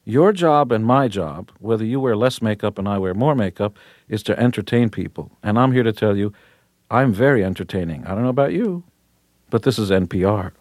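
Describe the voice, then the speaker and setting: A man's voice: fairly low pitch, lively intonation, a little fast, darkish tone, no room sound. A man in his fifties, a rock musician guest on a radio interview, talking in a brash, boastful and punchy way from a studio.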